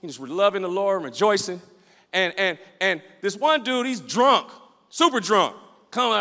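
A male pastor preaching a sermon in an animated, repetitive style, calling out to the room and acting out his stories. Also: sits high, moderate pace. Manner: storytelling, acts out the scenes he describes. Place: church sanctuary with a livestream. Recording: echoey church hall.

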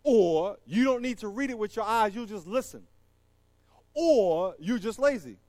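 A middle-aged male pastor preaching a sermon. He swings between loud, high exhortation and hushed closing prayer. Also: lively intonation, measured pace, no room sound.

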